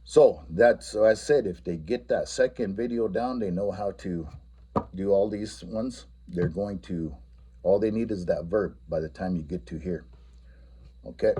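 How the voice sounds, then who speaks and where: A man explains a classroom language game in a deliberate, unhurried lesson. His voice is low, mellow and a little husky. He repeats each phrase slowly and patiently. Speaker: language teacher. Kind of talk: spoken language lesson for teachers.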